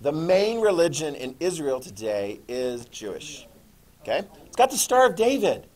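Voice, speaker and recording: A man teaching a class, lecturing in a lively way and checking in with the students with frequent "okay?"s and questions. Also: fairly high pitch, moderate pace.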